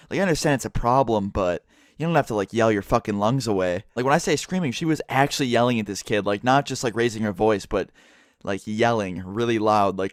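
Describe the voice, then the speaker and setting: Young guy ranting a storytime vlog, swears a lot, talks fast, dry close sound. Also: on the low side, no echo. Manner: casual, swears a lot, exasperated. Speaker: vlogger.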